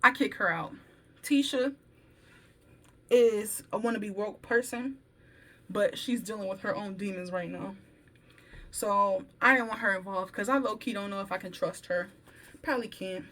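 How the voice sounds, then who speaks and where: A woman vlogger telling a work story in casual chat, animated and slangy, acting out what people said. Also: medium pitch, normal speed, pauses often. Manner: animated, slangy, acts out quoted dialogue.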